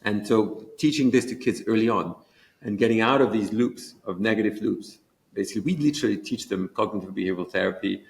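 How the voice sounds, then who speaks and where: A fast, eager man talks about a program he built, often restarting his sentences. His voice sits a little low and carries a gravelly edge. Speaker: education program creator. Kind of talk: conference interview chat.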